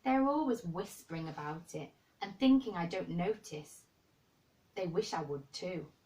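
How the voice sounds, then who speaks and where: A woman's voice: fairly low pitch, expressive, measured pace, warm tone, recorded from a distance. A woman reading aloud, voicing a sickly, bedridden boy who sounds cross and complaining. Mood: sullen. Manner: cross, complaining, dwells on dying.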